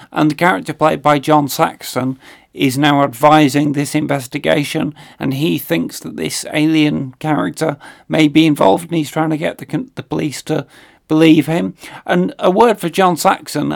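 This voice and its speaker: A man co-hosting a casual film discussion, explaining plots in a measured way with many fillers. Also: on the high side, gravelly. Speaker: film podcast co-host.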